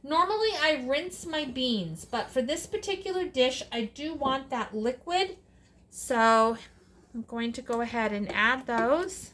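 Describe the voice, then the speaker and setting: A woman's voice: high-pitched, expressive, unhurried, a bit bright. A middle-aged woman hosting a casual cooking vlog, chatting along with sassy asides as she works. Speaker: cooking channel host.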